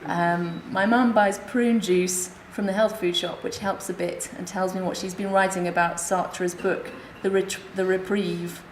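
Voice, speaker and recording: A woman speaking at a conference, reading her comic memoir aloud in a wry, deadpan way. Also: lowish voice, unhurried, few pauses. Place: hospital conference room. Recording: echoey lecture room, faint hiss.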